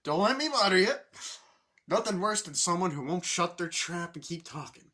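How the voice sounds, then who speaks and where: A man putting on a loud, gushing salesman. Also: high-pitched, expressive, moderate pace, voice pushed up. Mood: overeager. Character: chatty, jolly middle-aged male salesman.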